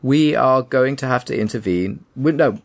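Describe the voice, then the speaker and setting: Creaky-voiced opinionated man. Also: medium pitch, moderate pace. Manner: opinionated, emphatic, with frequent restarts. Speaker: podcast co-host. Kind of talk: casual argumentative chat.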